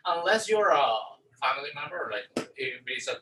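A man's voice: a little high, animated, normal speed, pushed and bright. A man co-hosting a casual chat, rambling and joking, often trailing off mid-sentence. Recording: roomy echo, distant mic, faint noise.

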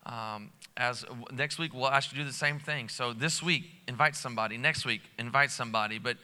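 A man's voice: mid-range voice, a little fast, bright, forceful tone, clean tone. A man preaching a live church sermon as lead pastor, talking casually and with energy, full of fillers and restarts, in a large church auditorium. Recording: long hall reverb.

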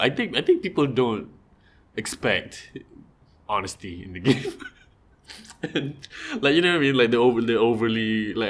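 A man tells stories in a loose, chatty way. He laughs a lot as he talks and slips into the voices of the people he is quoting. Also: fairly low pitch. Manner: laughs often, animated retelling with quoted voices. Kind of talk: casual storytelling chat.

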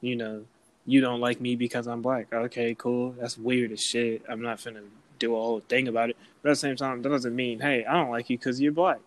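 A man's voice: medium pitch, level tone, a little fast, rough recording. A young man, chatting casually and animatedly, acting out voices in his stories. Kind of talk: casual chat.

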